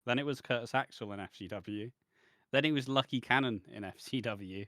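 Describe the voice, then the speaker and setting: A man co-hosts a wrestling podcast with blunt, sardonic remarks and plenty of swearing. He speaks at a middle pitch. The recording is dry and close. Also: brisk, fairly bright tone, no echo. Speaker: podcast co-host. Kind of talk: casual chat.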